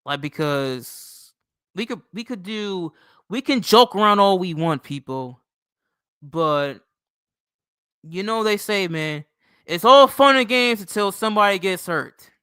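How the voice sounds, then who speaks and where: A man's voice: high voice, animated, measured pace, bright, forceful tone, smooth, no room sound, clean studio sound. A young man hosting his own sports channel, ranting casually with lots of swearing, often tagging "bro" and "okay". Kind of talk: casual profane sports rant.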